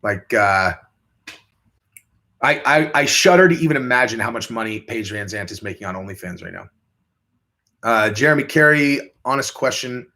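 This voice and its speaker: A young man hosts a casual livestream, reading out viewer questions and rambling in a crude, offhand manner, slipping into high mocking voices whenever he quotes someone. He sounds animated, bright and forceful, at a moderate pace with frequent pauses.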